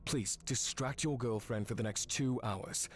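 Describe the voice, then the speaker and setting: A man voicing a calm agency dispatcher in a game, level and businesslike. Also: medium pitch, a little slow, natural voice.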